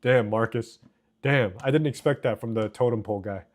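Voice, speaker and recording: A male streamer talks casually to his live chat at an ordinary middle pitch. He jokes and teases his viewers as he reads their messages aloud. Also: brisk. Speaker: livestreamer.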